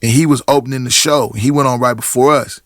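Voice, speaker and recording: A middle-aged rapper from Portland, Oregon, chats casually as a podcast guest, his medium-pitched voice steady and fast. The audio is clean studio sound with no room echo, and his stories are full of restarts and acted-out quotes.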